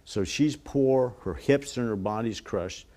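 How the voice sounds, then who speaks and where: Guy telling a faith story on a tv interview, earnest, does the voices quietly. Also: medium pitch, measured pace. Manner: earnest, acts out quoted voices softly. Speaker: guest, ministry worker.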